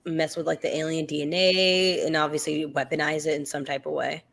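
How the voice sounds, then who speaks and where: A woman's voice: sits low, level tone, brisk, vocal fry, a bit bright. A woman co-hosting a casual live after-show chat, talking loosely with lots of fillers and restarts. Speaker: co-host.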